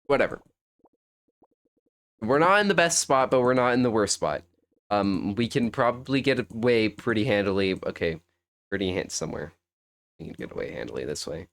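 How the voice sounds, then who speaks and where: A man's voice: on the low side, sing-song, moderate pace, gravelly, pauses often, a bit bright. A young man commentating a fighting game on a live stream, thinking aloud in a rambling, self-correcting way.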